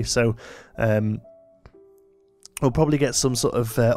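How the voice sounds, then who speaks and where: A tired man rambling through casual gameplay commentary late at night, with plenty of fillers and asides. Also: medium pitch. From United Kingdom. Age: adult, married. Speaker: let's play host.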